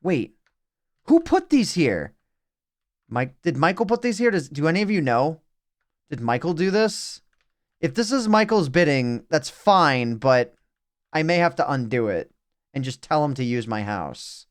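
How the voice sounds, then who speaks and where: A man's voice: on the high side, very animated, unhurried, long pauses. A young adult man streaming a game live, thinking aloud in a rambling way with self-mocking asides.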